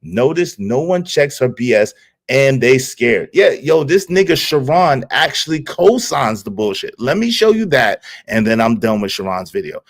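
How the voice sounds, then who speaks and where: A man hosting a casual livestream, reacting to a clip with slangy, animated commentary and shout-outs to viewers. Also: medium pitch, moderate pace.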